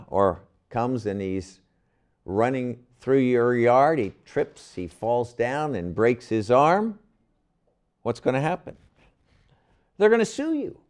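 A man's voice: medium pitch, darkish tone. An older man teaching a Bible class, asking his listeners questions and leaning hard on key words.

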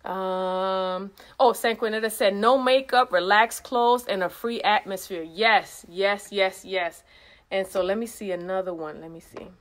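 A woman's voice: mid-range voice, a little slow, a bit bright. A woman organizing a retreat, chatting casually as she reads messages aloud and adds effusive praise exclamations. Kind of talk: casual recap vlog.

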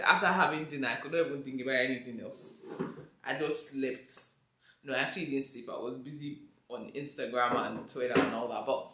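A woman in her twenties from Nigeria, with a Nigerian accent, chatting excitedly in a home vlog and slipping into Yoruba. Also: a bass voice, echoey room. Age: 20s. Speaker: vlogger. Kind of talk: casual vlog chat. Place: home kitchen, indoors.

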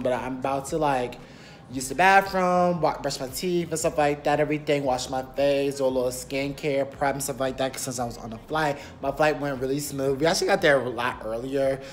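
Filming himself on his phone in a rented apartment, a young man with a medium-pitched voice talks casually to the camera. He's chatty and rambling, using lots of fillers like "period," with slight background noise.

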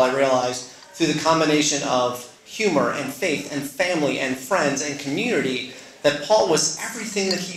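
A man's voice: fairly high pitch, fairly bright tone, echoey room, poor audio. A middle-aged man telling a personal story on stage at a story slam, earnest and conversational with self-deprecating asides. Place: stage in a live venue.

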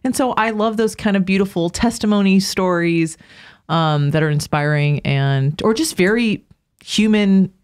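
A woman is a guest on a podcast and talks in a lively, chatty way, laughing easily as she goes. Her voice sits at an ordinary middle pitch for a woman. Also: normal speed, clean tone. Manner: animated, laughs often. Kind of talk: casual chat.

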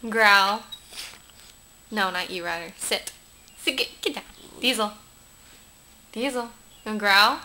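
A woman's voice: medium pitch, unhurried, long pauses, sharp tone, slight background noise. A woman filming her dogs at home, coaxing them through tricks with short repeated commands. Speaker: pet owner. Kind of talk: home video talking to pets.

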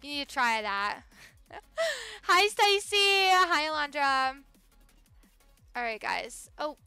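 A young woman with a high, bright voice chats through a live gaming stream, bubbly and quick to greet viewers by name. Her delivery jumps from excited squeals down to soft murmurs. Faint music plays underneath. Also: dry recording. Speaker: livestreamer.

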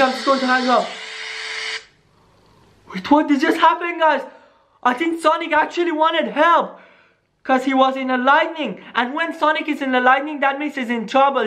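A vlogger in a staged scary phone-call skit, excitable and talking straight to viewers, dropping into hushed tones at times. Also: high-pitched, moderate pace. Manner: excitable, keeps saying "guys", drops to hushed tones.

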